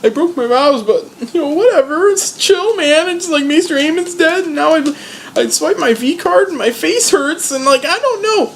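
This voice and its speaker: A man putting on the voice of a whiny young man whose face hurts, high and strained. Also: lively intonation, normal speed, creaky, a bit bright, a little hiss or hum, full character voice.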